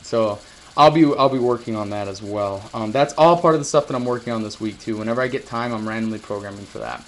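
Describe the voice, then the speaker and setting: A man's voice: lowish voice, fast talker. A man chatting casually to viewers on a live stream, rambling and swearing now and then. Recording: roomy echo, faint noise.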